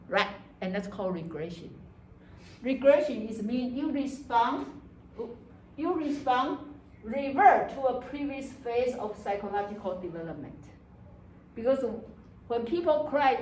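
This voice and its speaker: Animated woman lecturing in an echoey classroom. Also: a little high, measured pace, long pauses, distant mic, a little hiss or hum. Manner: animated, acts out student voices, frequent "okay" and "right". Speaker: psychology lecturer.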